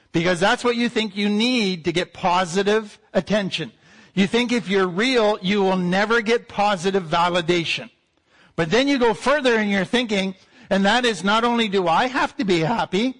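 High-voiced man lecturing with emphasis. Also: a bit bright, poor audio. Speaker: therapist. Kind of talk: teaching lecture.

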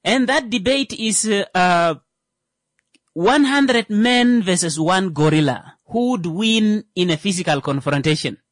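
A man performs a comedic monologue in an animated, playful way. His voice rises and falls a great deal as he riffs, sometimes leaping into mocking voices for his bits. The sound is dry and close, with no room in it. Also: high voice, measured pace, no room sound. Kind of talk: stand-up style comedic monologue.

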